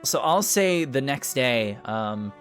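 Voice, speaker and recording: A man narrating a tabletop game as dungeon master, in a casual, animated way with filler words. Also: mid-range voice, slow, soft background music.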